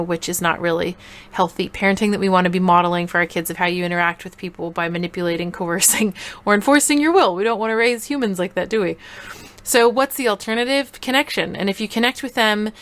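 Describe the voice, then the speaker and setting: A woman coaching parents in a short tips video, upbeat and playful, now and then acting out little examples. Her voice sits at a middle pitch and is easy to follow. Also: quick pace. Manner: energetic and playful, acts out examples.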